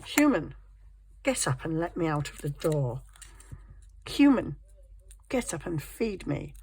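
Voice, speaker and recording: A woman's voice: low voice, big pitch swings, takes it slowly, a little mellow, a little hiss or hum, full character voice. A woman voicing a bossy, demanding house cat. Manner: imperious, ordering its human about.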